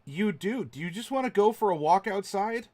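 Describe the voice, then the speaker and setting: Man doing a high scolding stable watchman. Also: moderate pace. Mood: calming. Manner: scolding, then calming. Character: grumpy male night watchman at stables.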